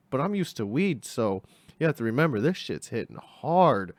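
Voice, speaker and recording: Young guy, casual story time, slangy and rambling, mid pitch, dry close sound. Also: very animated, moderate pace, dry recording. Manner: rambling, slangy, acts out voices.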